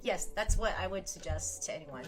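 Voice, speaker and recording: A woman's voice: fairly low pitch, animated, a little fast, over music. A woman chatting casually on a live stream, reading out viewer comments, laughing often and swearing now and then.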